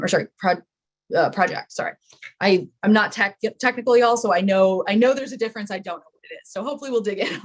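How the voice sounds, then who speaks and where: A woman hosting a live online chat, talking casually with many fillers and self-deprecating asides. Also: mid-range voice. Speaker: webinar host.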